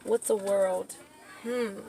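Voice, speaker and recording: A woman's voice: medium pitch, steady tone, slow pace, gravelly, dark tone, a little hiss or hum. A woman giving a tarot reading to her viewers, speaking casually and sometimes swearing, then getting worked up and preaching. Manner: impassioned, rising into preaching; profane, casual. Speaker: tarot reader.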